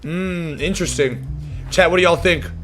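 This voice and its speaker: A man streaming a video game, reading and reacting in a loud, slangy, profane and excitable way. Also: on the high side, moderate pace, faint music behind. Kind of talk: casual gameplay commentary.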